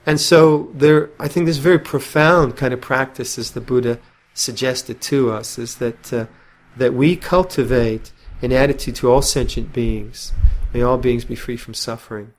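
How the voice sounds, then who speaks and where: An older man, a Buddhist monk, giving an unscripted dharma talk in a thoughtful, halting way, with many restarts and fillers and gently acted-out quotes. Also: mid-range voice. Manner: gently acts out quoted voices.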